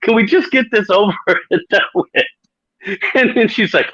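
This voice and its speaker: A man's voice: sits high, unhurried, bright, forceful tone, husky, no echo, highs cut off. Profane laughing male podcast storyteller. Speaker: podcast host. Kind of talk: casual storytelling chat.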